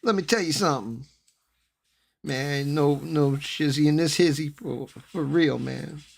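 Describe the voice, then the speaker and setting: A man's voice: on the high side, unhurried, creaky, husky, pitched above the performer's own voice, exaggerated voice. A man imitating a boastful young wannabe tough guy with swaggering, slangy talk.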